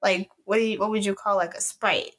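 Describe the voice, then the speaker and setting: Young woman, from chicago, podcast co-host, casual chat, animated storyteller, mid-pitched voice. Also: brisk. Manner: animated storyteller, acts out quotes.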